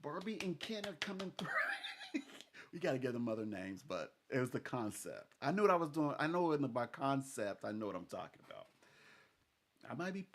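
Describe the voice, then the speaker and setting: A man chatting casually as a psychic reader, rambling, laughing often and acting out what others said. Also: mid-range voice. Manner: rambling, laughs often, acts out quoted speech. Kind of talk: casual chat with a client.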